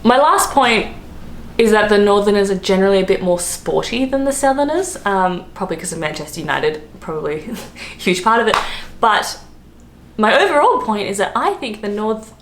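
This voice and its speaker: A hungover Australian woman chatting casually to camera as a travel vlogger, full of fillers and quick laughs. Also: mid-range voice, lively intonation. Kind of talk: casual vlog chat. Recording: roomy echo, faint background noise.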